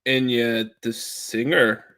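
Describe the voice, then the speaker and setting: A man's voice: medium pitch, fairly even intonation, slow, bright, forceful tone. An Irish man with a County Kilkenny accent co-hosting a casual livestream, making dry joking asides and laughing often. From Ireland. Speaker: livestream co-host.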